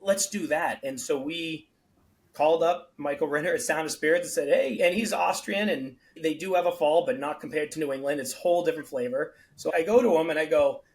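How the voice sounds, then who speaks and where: Animated man telling startup stories. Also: a little high, fairly quick, low-quality recording. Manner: animated storyteller, acts out quoted dialogue. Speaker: guest, beverage company founder. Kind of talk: casual podcast storytelling.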